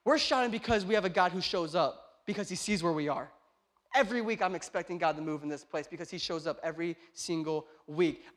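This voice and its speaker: Pastor, male, thirties, high voice, sermon that swings from shouting to quiet chat. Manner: swings from shouting to hushed, conversational storytelling. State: tired, short on sleep.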